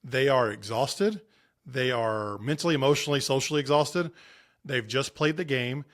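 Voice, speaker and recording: A man's voice: medium pitch, normal speed, fairly bright tone. Earnest, emphatic man in his thirties. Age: 30s. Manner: earnest, emphatic storyteller with frequent restarts. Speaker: podcast guest, sports parenting coach. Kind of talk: conversational interview.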